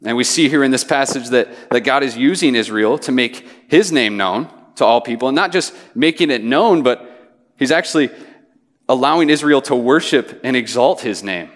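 A man's voice: mid-range voice, normal speed. A young man preaching a sermon and reading scripture aloud, earnest, often restarting with repeated words. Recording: hall reverb.

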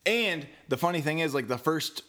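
A young man co-hosting a podcast, chatting casually in a sarcastic, deadpan way with frequent swearing. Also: on the high side, normal speed. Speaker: podcast co-host. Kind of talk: casual chat.

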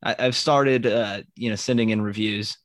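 A man's voice: lowish voice, fairly even intonation, moderate pace, a bit bright, no echo. A man co-hosting a casual podcast, chiming in with wry quips and his own stories. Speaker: podcast co-host. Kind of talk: casual chat.

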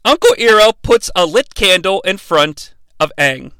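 A man's voice: high-pitched, very animated, a little slow, sharp tone, clean tone, no room sound. A man hosting a comedic bad-movie podcast, rambling and sarcastic with lots of swearing.

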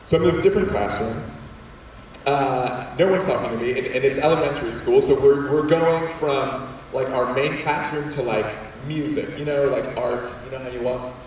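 A man telling a personal story to an audience of students, animated and quick to act out voices, with many restarts. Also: medium pitch, slight background noise. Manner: animated, acts out voices, repeats words. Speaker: speaker addressing students. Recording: echoey hall from far off.

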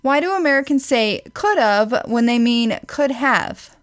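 A woman with a somewhat high voice hosts a relaxed chat. She reads questions from a list one after another. Her delivery is dry and teasing. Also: a little slow. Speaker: podcast co-host.

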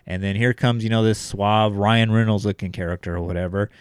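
A man's voice: on the low side, steady tone, fairly quick, smooth, no echo, clean studio sound. A young man telling a story in casual chat, rambling with lots of fillers and swearing.

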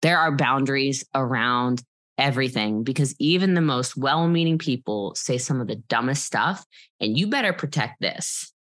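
Woman, low pitch, bright forceful tone, animated, blunt, interview storytelling. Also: moderate pace. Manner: emphatic and animated, blunt, swears freely. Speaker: guest.

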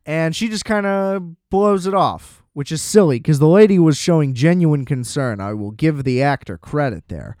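A man's voice: on the high side, lively intonation, normal speed, few pauses, a little mellow, no echo. Chatty man recapping a film, dry sound. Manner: loose and chatty, heavy "like" fillers, blunt swearing. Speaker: film reviewer. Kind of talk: casual film plot recap.

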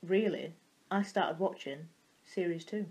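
A woman's voice: on the low side, unhurried, darkish tone. A nineteen-year-old woman with a Yorkshire accent chats casually on a podcast. She tells her stories in a loose, rambling way and laughs easily. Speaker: podcast co-host. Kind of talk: casual chat.

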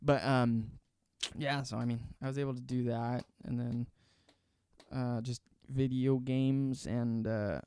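A man's voice: mid-range voice, fairly even intonation, slow pace, warm tone, smooth, dry recording. A young man and student in casual chat with a friend, rambling and swearing casually.

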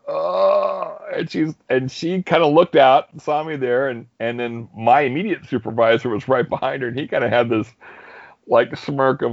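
A young man casually telling a story, animated and laughing often. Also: medium pitch, no echo, highs cut off. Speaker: guest storyteller. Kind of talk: casual anecdote.

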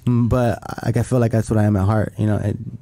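A man's voice: fairly low pitch, flat delivery, fast, mellow. A young man telling a long story in casual chat, rambling and profane, with many restarts. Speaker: podcast guest.

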